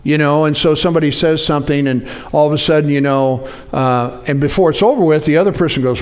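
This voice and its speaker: A man's voice: quick pace, hardly any pauses. A man preaching a sermon in a conversational way, often asking the congregation to respond. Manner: animated, jumps up in pitch for acted-out quotes. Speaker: pastor.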